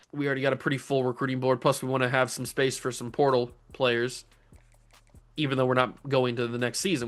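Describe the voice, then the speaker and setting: A man's voice: mid-range voice, a bit bright, smooth. A young man hosting a gaming channel, giving casual commentary on a football video game with melodramatic, exasperated rants. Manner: melodramatic, ranting, exasperated outbursts.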